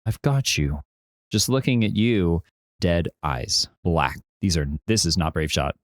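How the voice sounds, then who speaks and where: Animated male game master. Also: sits low, unhurried, no echo, clean studio sound. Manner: animated, descriptive narration. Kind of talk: narrating a tabletop game on a podcast.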